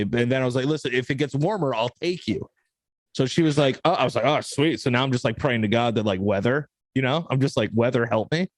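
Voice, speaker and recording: A young man co-hosting a podcast, telling family stories in a loose, animated way, acting out quotes and swearing casually. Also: medium pitch, no echo. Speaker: podcast co-host. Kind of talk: casual storytelling chat.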